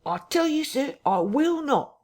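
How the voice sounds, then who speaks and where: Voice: high-pitched, very animated, unhurried, darkish tone, voice pushed up. An audiobook narrator voicing a prim village vicar who speaks with a curious, jerky, strained intonation.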